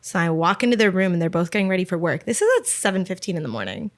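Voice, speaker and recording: A young woman in her twenties co-hosting a podcast, telling stories in an animated way and laughing as she talks. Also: on the low side, rapid-fire. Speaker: podcast co-host. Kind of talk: casual chat.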